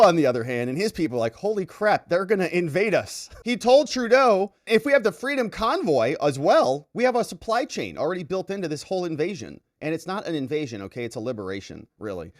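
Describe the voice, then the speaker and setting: A man giving animated political commentary, sarcastic and mocking, with frequent asides. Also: fairly high pitch, no echo, studio quality.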